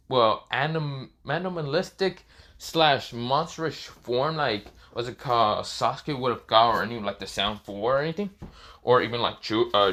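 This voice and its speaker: A man's voice: medium pitch, a bit bright. A man improvising a fan-fiction story, rambling and restarting often with fillers. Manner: rambling, restarts with "this is where, well".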